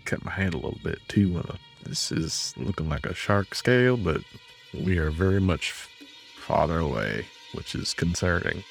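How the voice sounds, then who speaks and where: Deep gravelly man, rambling and unsure. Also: expressive, moderate pace, soft background music. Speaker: player. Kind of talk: casual tabletop game chat.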